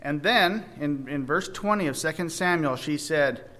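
Male preacher, slightly high voice, slow halting sermon delivery, raises his voice for scripture. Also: animated, pushed and bright. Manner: halting, with frequent restarts.

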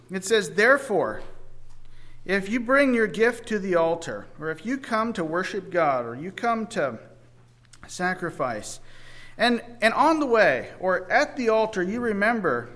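Male preacher, slightly high voice, slow halting sermon delivery, raises his voice for scripture. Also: fairly bright tone. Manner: halting, with frequent restarts.

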